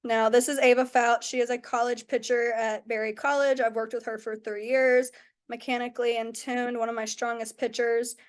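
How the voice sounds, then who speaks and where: A young woman who coaches softball pitching, telling stories in a chatty way with many "like"s. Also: little pitch movement, normal speed, smooth. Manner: chatty, lots of "like" and "oh my goodness". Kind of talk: casual coaching talk with storytelling.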